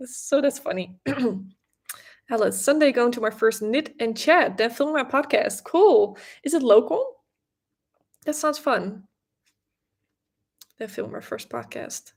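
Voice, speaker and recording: A young Dutch-accented woman hosts a relaxed knitting livestream, reading viewers' comments aloud and replying in a chatty way. Her voice sits slightly high and has a gravelly fry at the ends of phrases. She often restarts words and gives small laughs as she talks. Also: slow pace, long pauses. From Netherlands. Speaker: livestream host, knitting creator.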